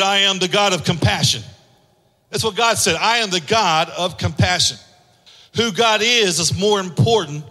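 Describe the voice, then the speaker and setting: High-voiced impassioned preaching man. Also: sharp tone. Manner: impassioned preaching with sung-out lines; acts out voices in anecdotes. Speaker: pastor. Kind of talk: sermon. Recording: long hall reverb.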